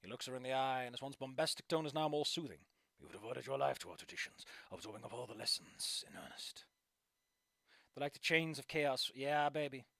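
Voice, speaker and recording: A man's voice: medium pitch, steady tone, quick pace, hardly any pauses, a bit bright, no room sound, voice pushed down, lightly acted. A man voicing a proud old male raptor fire performer with a grand, stately manner that turns soothing.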